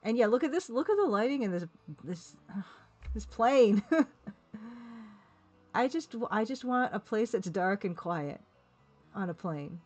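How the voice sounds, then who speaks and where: A woman's voice: a little high, animated, a little slow, long pauses, darkish tone. A woman streaming live, chatting casually and rambling while reading viewers' comments, laughing now and then. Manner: chatty, rambling, laughs often, reads chat aloud.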